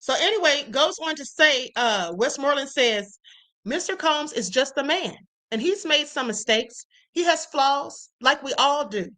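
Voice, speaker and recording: A woman's voice: high voice, animated, a little slow, sharp tone. A woman hosting a live stream, giving emphatic commentary and talking straight to her chat. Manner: emphatic, addresses chat directly.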